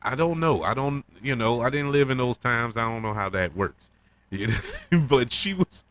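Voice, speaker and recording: A man's voice: medium pitch, lively intonation, moderate pace, fairly bright tone, a little hiss or hum. A man hosting a casual podcast review of a TV episode, chatty and loose, laughing often and full of fillers and repeated words. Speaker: podcast host.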